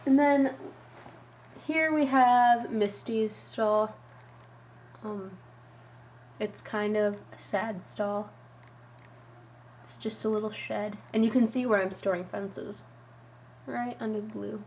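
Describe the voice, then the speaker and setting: A young woman giving a casual show-and-tell tour as a vlogger, rambling with lots of ums and uhs. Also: mid-range voice. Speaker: model horse hobby vlogger. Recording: dull lo-fi home recording with faint hiss.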